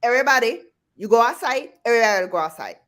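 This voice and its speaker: A bossy older Caribbean grandmother , as a woman puts her on barks short, loud commands to herd the kids outside. Her voice jumps well above the speaker's usual pitch and carries a strong Caribbean lilt. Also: expressive, quick pace. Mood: bossy commanding. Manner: loud, clipped, commanding calls.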